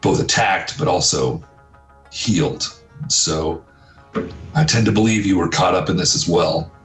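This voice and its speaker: A man voicing a stern, measured one-eyed beholder leader in a tabletop game. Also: sits low, echoey room, soft background music.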